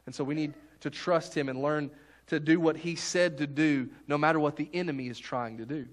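A man's voice: fairly high pitch, fairly even intonation, brisk. A man preaching a sermon as pastor, in a folksy, conversational way with many restarts.

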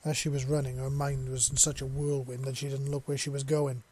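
A man reads a science fiction story aloud in a steady, plain way. His voice is mid-pitched for a man, neither high nor low. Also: a little fast, slightly rough. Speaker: narrator. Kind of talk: storybook reading.

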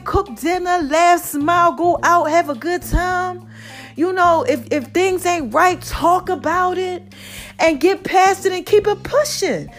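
Woman, podcast host, high voice, preachy and affectionate, soft sultry murmurs, faint music behind.

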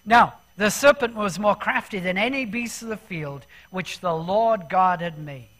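A man preaching a sermon in a church, conversational and animated, often putting questions to the congregation. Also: sits high, measured pace.

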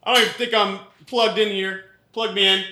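A man's voice: sits high, level tone, fairly quick, bright, forceful tone. A man playing a crude, bumbling police officer in an improvised comedy sketch, blunt and swearing.

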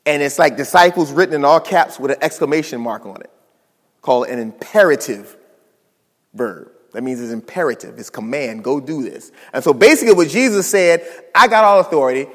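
Preacher man in a reverberant hall. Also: fairly high pitch. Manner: explains step by step with rhetorical questions. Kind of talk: teaching sermon.

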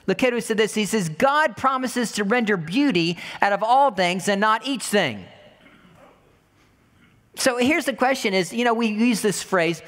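A woman's voice: fairly high pitch, expressive, moderate pace, a bit bright. A woman preaching a sermon in a conversational way, repeating words for emphasis and asking the listeners rhetorical questions. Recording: long hall reverb.

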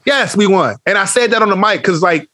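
A man talking at a rapid clip in casual podcast chat, his voice sitting a bit higher than most men's. He tells animated stories full of slang and swearing and acts out the lines of others. The sound is close and dry. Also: no room sound. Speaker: podcast co-host.

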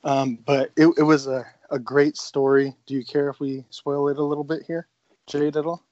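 A man co-hosting a podcast, excitedly recapping a comic story in casual chat, swearing freely and rambling. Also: on the high side, normal speed, no echo, muffled recording. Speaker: podcast co-host.

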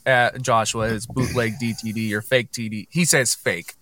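A man hosting a casual chat, relaxed and rambling, with plenty of ums. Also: mid-range voice, moderate pace, background noise. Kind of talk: casual conversation.

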